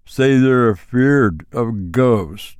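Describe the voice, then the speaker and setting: A man voicing a lonely backwoods boy who speaks in slow, flat, matter-of-fact rural talk. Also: medium pitch, smooth, no room sound, clean studio sound. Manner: slow drawling rural speech, flat and unbothered.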